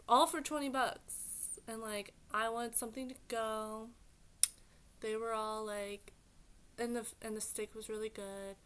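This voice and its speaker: A woman's voice: a little high, slow pace, pauses often, clean tone. A woman vlogger telling a story in a casual, rambling way, full of fillers and exasperated asides. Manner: rambling, filler-heavy retelling with many "like"s; exasperated, animated venting.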